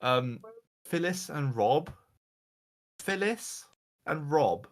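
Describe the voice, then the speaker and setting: A man's voice: a little high, expressive, very slow. A man ranting as the reviewer, exasperated and mocking, swearing often as he goes through slides. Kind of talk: casual comedic rant.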